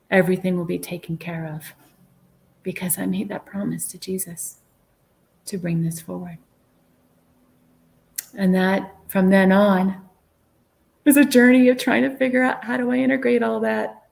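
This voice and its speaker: Woman, fairly low voice, earnest storytelling, soft whispered asides, podcast guest. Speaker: guest medium sharing a near-death experience. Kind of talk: storytelling in an interview.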